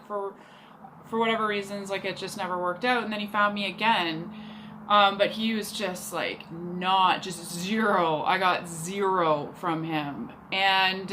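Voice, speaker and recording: A young woman vlogger rants casually about a bad date, rambling, chatty, and exasperated, leaning on "like" constantly. Her mid-range voice is bright and forceful, on a low-quality recording with slight background noise.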